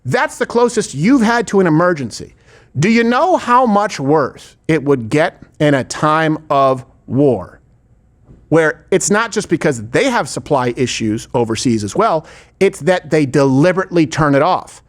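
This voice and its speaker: A man's voice: a little high, very animated, a little slow. A man hosting a political talk show, asking rhetorical questions with heavy sarcasm. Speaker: host. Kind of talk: political commentary chat.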